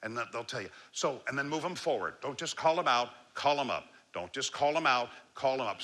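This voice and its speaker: A man giving a motivational leadership talk to a live audience, swinging between loud emphatic lines and a low, slow, calm voice. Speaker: leadership speaker.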